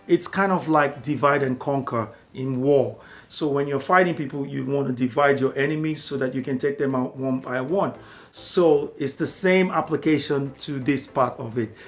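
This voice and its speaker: A man's voice: medium pitch, normal speed, faint music behind. A man tutoring for a language exam, explaining steadily and repeating key words for emphasis. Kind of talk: instructional talk to camera.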